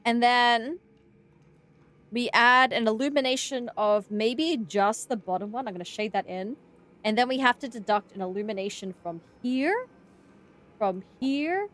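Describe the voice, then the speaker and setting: Excitable Australian woman streaming a game. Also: fairly high pitch, unhurried. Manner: excitable, bursts into loud yelling and laughter; chatty, talks to chat and thinks aloud. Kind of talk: casual live-stream commentary.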